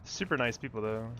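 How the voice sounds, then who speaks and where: A man's voice: medium pitch, fairly bright tone, a little hiss or hum. A young man streaming a game, chatting casually and rambling with lots of fillers, laughs and casual swearing. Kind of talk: casual gameplay commentary.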